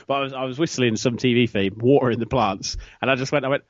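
A man's voice: medium pitch, fast talker, no echo. A man co-hosting a podcast, chatting casually in a rambling, teasing way. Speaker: podcast co-host. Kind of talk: casual chat. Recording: dry, dull lo-fi recording.

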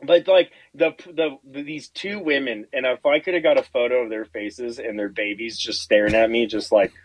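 A man on a podcast telling a rambling, profane story in casual chat, animated and acting out the quotes. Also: medium pitch, normal speed, rough recording. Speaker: podcast guest.

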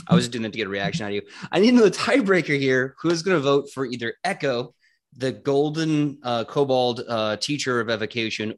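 A man running a tabletop game as game master, joking around and steering the players back on track. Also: medium pitch.

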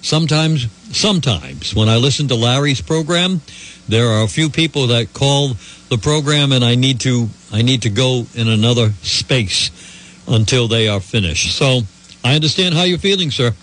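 Man, radio talk host, casual and joking, filler-heavy, mid pitch. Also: expressive, moderate pace, fairly bright tone.

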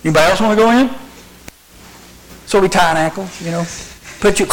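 A man's voice: high voice, normal speed, pauses often, fairly bright tone, a little hiss or hum, rough recording. A man preaching a youth sermon, acting out scenes as a live demonstration and asking rhetorical questions. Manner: dramatic storytelling with rhetorical questions. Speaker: youth speaker.

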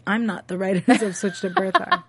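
A woman co-hosting a TV after-show, recapping an episode in casual chat and talking in halting bursts full of fillers and restarts. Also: medium pitch, sing-song, slight background noise.

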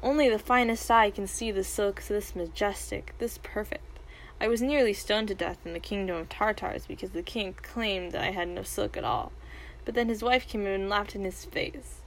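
A woman voicing a sly, smooth-talking old male merchant who flatters like a showman in a storybook reading. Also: medium pitch, moderate pace, slight background noise, lightly acted, poor audio.

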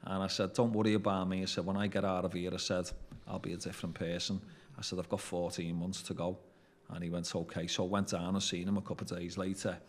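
A man's voice: deep voice, little pitch movement, fast. A man with a Scouse accent telling stories casually in an interview, swearing freely and acting out what people said. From Merseyside, England. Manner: swears freely, acts out quoted dialogue. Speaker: interview guest, former prisoner. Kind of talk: casual storytelling.

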